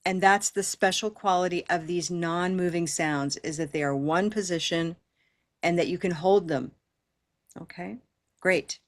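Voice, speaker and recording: A woman leading an online pronunciation class over a video call, encouraging and repeating words slowly for learners to copy. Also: fairly low pitch. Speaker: pronunciation teacher.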